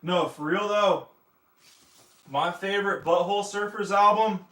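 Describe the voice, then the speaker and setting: A man's voice: high-pitched, fairly even intonation, measured pace, sharp tone. Rambling, profane American man streaming. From Ohio, United States. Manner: rambling, profane, addresses viewers as dude. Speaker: livestream host. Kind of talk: casual livestream chat.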